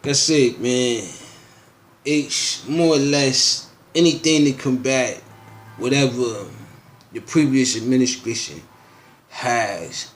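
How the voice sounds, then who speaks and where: Slow-talking man riffing on headlines. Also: mid-range voice. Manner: loose and slangy, with frequent asides and filler phrases. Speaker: show host commenting on news headlines. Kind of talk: casual rambling news commentary.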